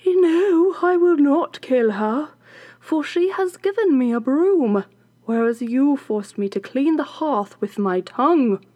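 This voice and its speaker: A woman voicing a mistreated kitchen servant who loudly refuses the witch, in a slow storybook reading. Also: sits high, lively intonation, dry recording, highs cut off. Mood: defiant.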